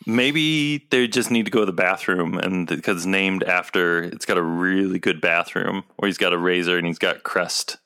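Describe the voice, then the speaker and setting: A man's voice: sits low, normal speed, few pauses, sharp tone. A man co-hosting a casual podcast chat, joking and laughing often as he reacts to a trailer. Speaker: podcast co-host.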